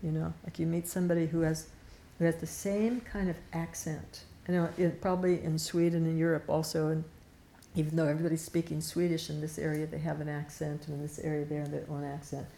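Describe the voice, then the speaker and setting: Woman teacher, low gravelly warm voice, chatty scripture talk, restarts a lot. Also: level tone, fairly quick. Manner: conversational, repeats and restarts words, laughs lightly. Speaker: Vedanta teacher.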